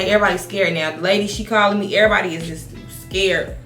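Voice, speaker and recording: A woman in her thirties telling a casual storytime while doing her makeup, animated, swearing, restarting her sentences. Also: medium pitch, fast, reverberant, soft background music. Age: 30s. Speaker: beauty vlogger. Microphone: compact camera mic.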